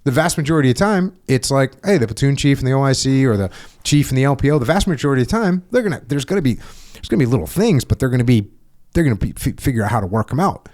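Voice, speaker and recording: A man's voice: medium pitch, expressive, very fast, hardly any pauses, a little mellow. A middle-aged man hosting a podcast, telling stories casually and acting out quoted voices with emphasis. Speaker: podcast host. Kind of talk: casual conversational storytelling.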